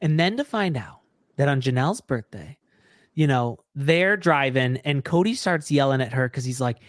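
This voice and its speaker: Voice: mid-range voice, animated, normal speed, dry recording, studio quality. A podcast co-host in casual chat, sarcastic and profane, who mimics others mid-story. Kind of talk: casual chat recapping a reality show.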